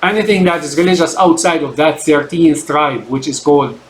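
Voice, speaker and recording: A channel host whose first language is Arabic rants to camera in a rambling, emphatic monologue, frequently pausing to ask "right?". His voice is fairly high and his pace normal, and the poor audio carries a bit of hiss or hum.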